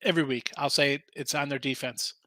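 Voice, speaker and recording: A man's voice: fairly high pitch, fairly even intonation, brisk, bright, forceful tone, no room sound. A man hosting a casual sports betting show, arguing picks animatedly and reading chat comments aloud.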